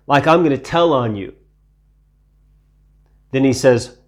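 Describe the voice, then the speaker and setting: Brief: slow-talking male preacher from Ukraine, mid-pitched, lingers on key phrases and poses rhetorical questions. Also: expressive, darkish tone. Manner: deliberate, repeats phrases for emphasis, rhetorical questions. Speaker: Bible teacher. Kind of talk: sermon-style Bible teaching.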